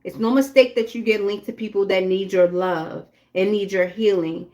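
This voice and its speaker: A woman's voice: mid-range voice, steady tone, moderate pace, darkish tone. A woman giving a casual live tarot reading, talking bluntly and chattily straight to her viewers. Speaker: tarot reader.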